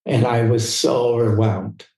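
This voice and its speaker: A man guest in an interview, telling a personal story in fast, tumbling anecdotes full of restarts. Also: mid-range voice, fairly even intonation, a little mellow. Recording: roomy echo.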